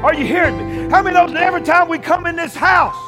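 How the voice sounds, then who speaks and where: Man, very high voice, fiery shouted sermon, call-and-response, faint music behind. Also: fast talker. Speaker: pastor. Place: church.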